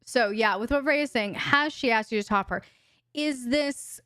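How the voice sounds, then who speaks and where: Woman host, candid and chatty, higher voice, smooth and clear, dry close mic, live-stream Q&A. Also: a little slow, a bit bright, no echo. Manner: chatty, frank, talks to her dog in baby talk. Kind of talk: casual live-stream chat. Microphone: desk microphone.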